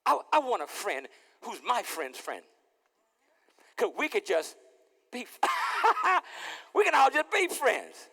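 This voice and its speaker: A man preaching as pastor in a lively, playful sermon, acting out little scenes and repeating his words. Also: very high-pitched, takes it slowly, pauses often, big-room sound. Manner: animated, playful, repeats words, acts out dialogue. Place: church sanctuary.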